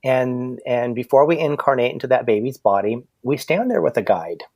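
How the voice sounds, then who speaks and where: A man's voice: mid-range voice, animated, moderate pace, a little mellow, no room sound. A man working as a medium, a podcast guest telling stories in a chatty way over a video call from home, often repeating his words. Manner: chatty storyteller, frequent repetitions. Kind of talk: casual conversation.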